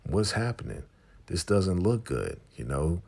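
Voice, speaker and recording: A man's voice: deep voice, big pitch swings, a little slow, creaky, a little mellow, voice pushed up, full character voice. A man voicing an anxious, nosy younger man from a drama while recapping it. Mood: alarmed.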